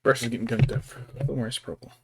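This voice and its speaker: A man's voice: medium pitch, racing, vocal fry, noisy background. A man streaming as he paints miniatures, talking casually and muttering to himself as he works. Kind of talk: casual chat while working.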